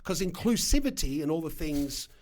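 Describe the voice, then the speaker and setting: A middle-aged Australian man with an Australian accent, a guest telling his story in an animated, emphatic way with punchy asides. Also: a little high, normal speed. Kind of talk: casual storytelling interview.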